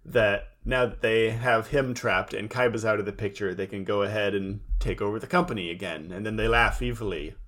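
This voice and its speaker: A man co-hosting a casual podcast, recapping an episode in a relaxed, wry storytelling way. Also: on the low side, brisk, hardly any pauses. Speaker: podcast co-host.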